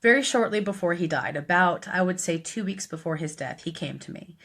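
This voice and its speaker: Animated and a little fast, a woman with a fairly low, slightly rough and a bit bright voice shares a personal story on a live stream. She works as a death doula and talks earnestly and chattily, using many fillers.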